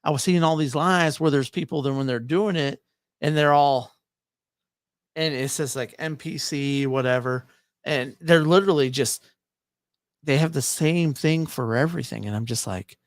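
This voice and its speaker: A man chatting casually as a podcast co-host, tripping over his words and restarting often. His voice sits a little high for a man. It is recorded close and dry, with no room sound. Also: moderate pace, dry recording. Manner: rambling, stammers and restarts a lot. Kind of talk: casual chat over drinks.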